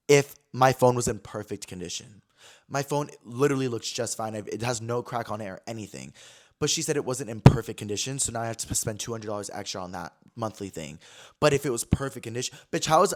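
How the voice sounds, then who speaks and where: Young guy ranting fast about a phone store trip, super animated, swears a ton, does everyone's voices. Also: mid-range voice. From California. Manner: animated, swears a lot, acts out quotes. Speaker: podcast host. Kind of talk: casual storytelling chat.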